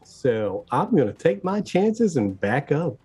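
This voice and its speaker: A man's voice: fairly high pitch, big pitch swings, slow pace, darkish tone, husky, faint music behind. A man playing a tabletop game, wry and chuckling as he explains his moves. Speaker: player.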